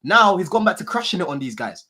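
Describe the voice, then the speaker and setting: Husky man chatting football. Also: high voice, sing-song, fast, sharp tone. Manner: slangy, swearing, repeats phrases. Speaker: football podcast co-host. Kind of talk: casual banter.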